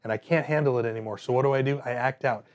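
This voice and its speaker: A man's voice: mid-range voice, very fast, dull audio. A man teaching a workplace safety class, telling personal stories in a conversational way with frequent fillers.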